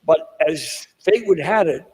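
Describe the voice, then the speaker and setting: A man's voice: fairly high pitch, lively intonation, measured pace, a little mellow, slightly rough, poor audio. An older man with a Boston accent gives a rambling motivational keynote, wandering through asides and self-deprecating stories. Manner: digressive storyteller with asides and self-deprecating jokes. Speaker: keynote speaker. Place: conference hall.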